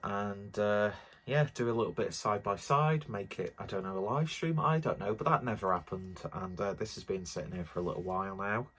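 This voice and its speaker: A man's voice: lowish voice, brisk, fairly bright tone, breathy edge. A man reviewing a beer in a rambling, self-deprecating way with lots of fillers, a little out of breath. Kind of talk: casual beer review vlog.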